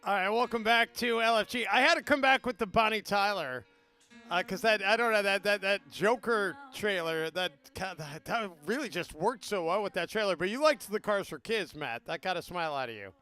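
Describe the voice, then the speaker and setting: A man's voice: high voice, brisk, sharp tone, soft background music. A man hosting a sports talk radio show in casual chat, rambling and restarting his sentences. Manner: rambling, self-interrupting, many restarts.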